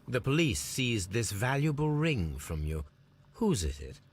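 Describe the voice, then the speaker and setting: A man voicing a calm, sharp-minded male detective in a video game, questioning a suspect in a measured, deductive way. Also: mid-range voice, husky. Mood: probing. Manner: measured, deductive and coolly probing.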